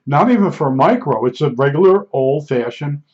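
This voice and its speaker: A man's voice: fairly high pitch, lively intonation, brisk, a little mellow. Rambling older man, dull lo-fi sound. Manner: digressive storytelling, folksy and blunt. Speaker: vlogger. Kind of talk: casual rambling monologue. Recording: dull lo-fi recording.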